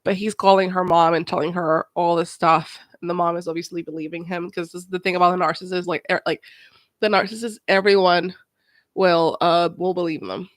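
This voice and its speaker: A woman's voice: lowish voice, flat delivery, a little fast, no echo. A woman hosting a watch-along, reacting to a documentary with emphatic, repetitive commentary. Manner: emphatic, swearing, repeats words. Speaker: host.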